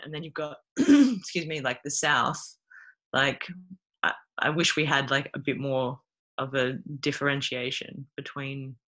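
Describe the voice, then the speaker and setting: A woman's voice: extremely low pitch, pushed and bright. A woman with an Australian accent in casual, chatty talk, laughing often. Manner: giggly, chatty, lots of fillers. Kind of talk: casual chat.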